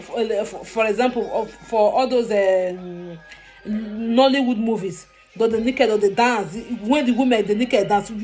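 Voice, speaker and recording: Woman vlogger with a Nigerian Pidgin accent, emphatic and repetitive, casual monologue, mid-pitched. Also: darkish tone.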